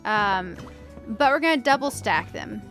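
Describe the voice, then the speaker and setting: A woman's voice: medium pitch, lively intonation, unhurried, fairly bright tone, soft background music. A woman hosting a casual let's-play, chatting to her viewers as she builds and thinking aloud in a playful, self-mocking way. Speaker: gaming channel host.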